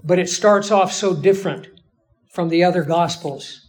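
A man lecturing a Bible class in a measured, explanatory way, with emphatic pauses. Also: high-pitched, poor audio. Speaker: Bible teacher.

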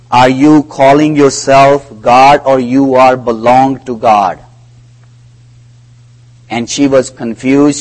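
A preacher delivers a sermon slowly and in a measured way, with deliberate, non-native phrasing. His pitch is an ordinary middle range and his tone darkish, and he drops his voice when recounting conversations. The recording quality is low.

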